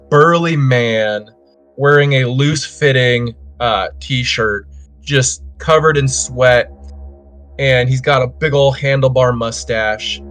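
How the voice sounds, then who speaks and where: A man acts as game master for a tabletop role-playing game, narrating scenes in a measured, descriptive manner. His voice is mid-range with a fairly bright tone.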